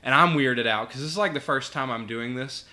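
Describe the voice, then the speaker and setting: A man, a podcast guest, telling a casual anecdote with animated delivery, acting out voices and laughing often. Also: medium pitch, a little fast. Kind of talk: casual storytelling.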